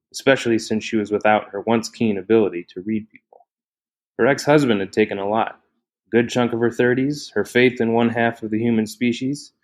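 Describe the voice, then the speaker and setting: A man narrating a novel in a steady, measured reading voice. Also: on the low side.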